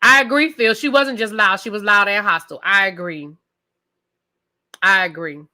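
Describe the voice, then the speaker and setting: A woman hosting a live review show, speaking loudly and emphatically as she rants directly to her viewers. Her voice is bright and forceful, with a mid-range pitch. She talks casually and holds her ground, like a teacher who is used to being heard. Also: normal speed. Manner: loud, emphatic, talks straight to the audience.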